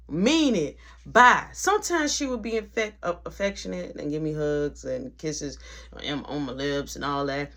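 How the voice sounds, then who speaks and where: Animated young woman telling a story. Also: on the low side. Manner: animated, slangy, acts out dialogue. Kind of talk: casual storytime.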